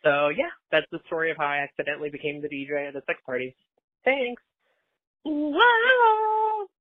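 A man's voice: fairly high pitch, little pitch movement, racing, dry recording. Chatty man on a tinny phone line. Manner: chatty, slightly out of breath. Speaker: voicemail caller. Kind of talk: voicemail story.

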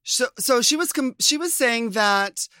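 A man co-hosting a podcast, chatting in an animated, giggly way. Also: very high voice, a little slow, clear, resonant tone, no room sound, studio quality. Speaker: podcast co-host. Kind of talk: casual chat.

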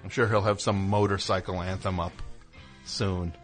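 This radio host is a man with a deep voice, a flat delivery and a moderate pace. He keeps up a rambling, jokey patter, digressing freely and plugging music between the laughs.

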